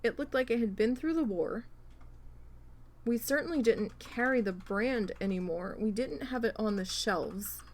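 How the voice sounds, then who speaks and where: A woman hosting a craft livestream, casually telling a story with animated swearing while she works. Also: on the high side, measured pace. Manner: animated, profane, acts out quoted people.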